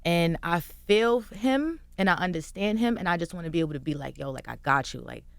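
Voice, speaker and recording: Young woman, smooth voice, animated storytelling. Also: fairly low pitch, brisk, dry recording. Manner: animated storytelling, acting out quotes. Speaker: guest. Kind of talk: casual interview chat. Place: radio studio. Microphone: studio microphone.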